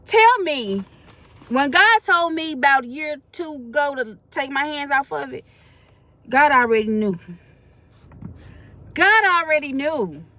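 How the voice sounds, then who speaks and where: Higher-voiced woman sharing an earnest faith testimony. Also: animated, slow, long pauses, sharp tone. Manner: colloquial, earnest, slips into preaching. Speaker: faith vlogger. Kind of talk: spoken testimony to camera.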